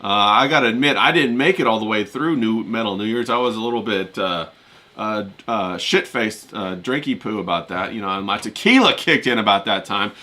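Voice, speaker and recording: A man with a bright, forceful voice hosts a live stream in loose, slangy chat. He greets viewers from the chat by name and keeps things easygoing. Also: lowish voice, a little fast. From Kentucky. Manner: laid-back, slangy, shouts out chat viewers. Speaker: streamer host.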